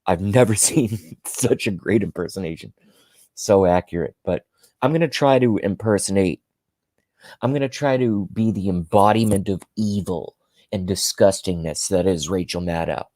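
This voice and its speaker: Indignant man ranting in a low voice. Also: moderate pace, mellow, no echo. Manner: emphatic, repetitive, indignant. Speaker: political commentary vlogger. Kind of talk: ranting monologue.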